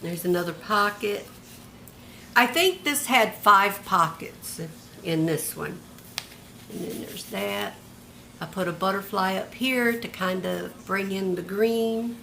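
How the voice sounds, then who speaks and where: Slow-talking older woman crafter. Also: medium pitch, creaky, sharp tone, a little hiss or hum. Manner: homey, chatty, describing things one by one. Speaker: craft vlogger. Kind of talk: casual show-and-tell of a handmade journal.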